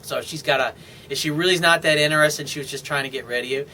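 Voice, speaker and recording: A man with a bright, forceful and fairly high voice, coaching viewers in a video newsletter. He talks with confident emphasis and slips into acted-out lines of dialogue. A faint hum of noise sits under the recording. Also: rapid-fire. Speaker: dating coach.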